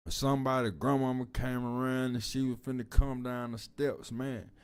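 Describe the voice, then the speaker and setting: A man giving casual reaction commentary in a slow, drawling way, full of street slang and frequent "man". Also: medium pitch, fairly even intonation, smooth.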